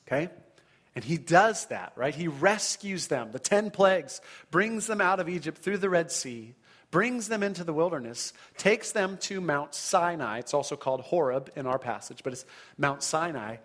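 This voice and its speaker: A man delivering a sermon in a somewhat high voice. He reads scripture aloud with dramatic emphasis and keeps checking in with listeners by asking "right?". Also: moderate pace. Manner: animated preaching, frequent "right?" check-ins, dramatic scripture reading. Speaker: pastor.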